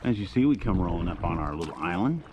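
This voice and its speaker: A middle-aged man sits in a kayak out on a lake, talking casually into an action camera. His voice sits on the low side, and his easygoing chat drifts between pointing out the scenery and giving gear tips. A faint hiss of noise runs under him. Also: big pitch swings, quick pace, muffled recording. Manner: easygoing, chatty, jokey. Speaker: kayak vlogger. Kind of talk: casual outdoor vlog commentary.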